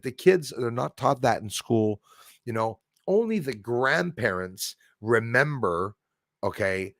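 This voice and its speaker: A man with a French Canadian accent hosting a casual livestream, rambling through viewer comments with frequent chuckles and sudden loud bursts. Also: medium pitch, dry recording, clean studio sound. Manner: rambling, chuckling, jumps loudly between topics. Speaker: livestream host.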